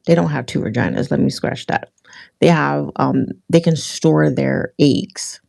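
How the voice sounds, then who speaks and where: A woman with a low, gravelly voice hosts a livestream, chatting with viewers in a loose, rambling way full of fillers and restarts. Her voice is recorded close and dry, with no room echo. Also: dark tone. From Philadelphia area. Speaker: livestream host. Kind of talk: casual livestream chat with viewers.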